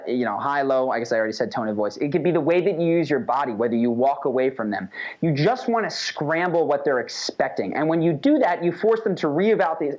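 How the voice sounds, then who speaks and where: A man teaching a casual lesson in an animated, conversational way, often checking in with "right?". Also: on the high side. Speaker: instructor. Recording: dull lo-fi recording.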